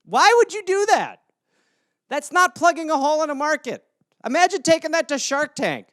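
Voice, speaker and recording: A man's voice: very high-pitched, sing-song, normal speed, a bit bright, no room sound, studio quality. A man in his thirties hosting a solo comedy podcast, ranting and acting out silly scenes with lots of swearing. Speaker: podcast host.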